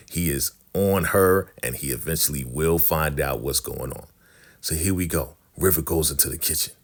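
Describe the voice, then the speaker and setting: A man casually recapping a TV drama episode, animated and storytelling, acting out the characters' lines. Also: rumbling low.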